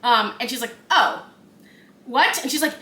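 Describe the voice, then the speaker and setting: A young woman co-hosting a podcast, her voice bright and a touch high. She tells stories with animation and acts out the characters in casual, swear-peppered chat. The room is echoey, with a faint hiss behind her. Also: unhurried. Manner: animated storytelling, acting out scenes, frequent "like" and swearing. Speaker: podcast co-host.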